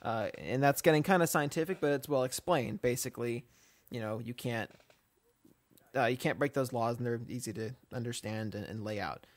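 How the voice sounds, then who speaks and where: A man's voice: mid-range voice, normal speed, no echo. Man chatting on a dry-sounding podcast. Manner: rambling, many fillers and restarts. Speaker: podcast co-host. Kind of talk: casual podcast chat.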